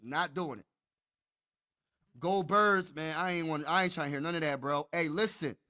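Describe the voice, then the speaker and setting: A man's voice: on the high side, normal speed, bright, forceful tone. A man hosting a sports show, ranting as an emphatic, hyped fan, with stammering restarts and lots of repetition.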